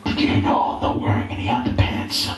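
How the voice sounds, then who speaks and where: A man's voice: a little fast, very noisy, lightly acted. A man doing his unhinged kid brother on the phone. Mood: deadpan. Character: wild-eyed prank-calling younger brother, man. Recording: roomy live venue from far off with crowd.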